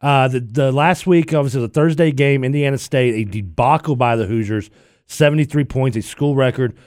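A man's voice: medium pitch, moderate pace, darkish tone, no room sound, studio quality. A man hosting afternoon sports talk radio, chatty, laughing often and telling stories. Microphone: studio microphone.

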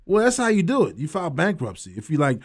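A man's voice: a little high, huge pitch swings, fast, breathy edge. A man hosting a sports talk radio show, joking loosely and laughing often.

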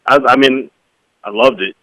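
A man calling in as a guest on a sports radio show, talking casually with halting restarts. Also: mid-range voice, pushed and bright, no echo. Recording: tinny phone line.

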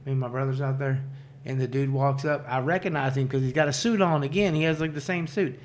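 A man's voice: medium pitch, fast. Male co-host, easygoing storyteller, mid-range voice, light background hiss. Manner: loose, profane, laughs often, heavy use of like and dude. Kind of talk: casual storytelling chat.

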